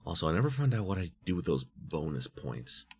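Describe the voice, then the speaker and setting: A man's voice: deep voice, big pitch swings, a little fast, vocal fry, heavy background noise. A man in his thirties giving rambling let's play commentary, full of likes and you knows. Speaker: gaming YouTuber.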